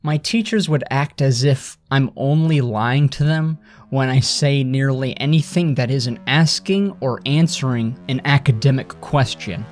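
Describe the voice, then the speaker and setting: A man's voice: mid-range voice, a little slow, hardly any pauses. A young man ranting angrily in a vlog, bitter, sarcastic and full of swearing, with faint music behind him. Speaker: vlogger. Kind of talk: angry ranting monologue.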